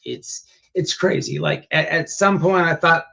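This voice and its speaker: A man hosting a casual livestream chat, rambling with many restarts, his voice going hoarse. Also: a little high, fairly even intonation, unhurried, sharp tone. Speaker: livestream host. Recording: dull lo-fi stream audio.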